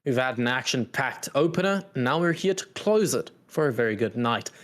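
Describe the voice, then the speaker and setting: A man's voice: mid-range voice, lively intonation, fairly quick. Man, esports desk host, mid-range voice, upbeat, playful banter. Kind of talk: pre-match analysis desk chat.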